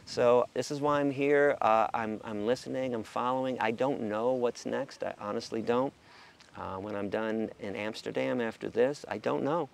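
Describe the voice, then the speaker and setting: A middle-aged American man with a rough, gravelly voice. He talks casually, swears freely, and acts out other people's lines as he tells his stories. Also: medium pitch, normal speed. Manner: animated, profane, acts out quotes. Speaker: interview guest, animal rights activist. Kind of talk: casual storytelling interview.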